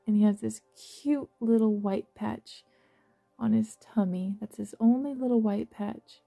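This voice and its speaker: Warm gravelly-voiced woman guiding a visualization. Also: mid-range voice, steady tone, soft background music. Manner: soft, slow and affectionate, with gentle laughs. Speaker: meditation guide. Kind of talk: guided visualization narration.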